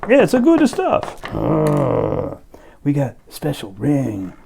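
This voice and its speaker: A man's voice: on the high side, wildly swooping pitch, takes it slowly, gravelly, background noise, pitched above the performer's own voice, heavily acted. Man doing a slangy, scheming god king. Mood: boastful. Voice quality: loud, slangy dude talk.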